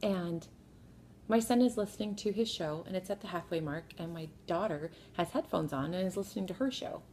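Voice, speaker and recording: A woman's voice: lowish voice, fairly quick, a little mellow, slight background noise. A mother casually telling a family story from her kitchen bar, wry and laughing at herself. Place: sitting at a home kitchen bar.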